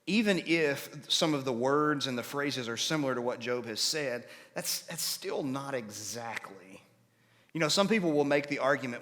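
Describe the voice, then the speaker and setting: A man of middle pitch gives a conversational sermon, explaining each point patiently. He stops now and then to ask his listeners whether they follow. His voice carries the long reverb of a church hall. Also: expressive, normal speed, fairly bright tone. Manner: explains patiently, checks in with listeners by asking questions. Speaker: preacher. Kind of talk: conversational Bible-class sermon.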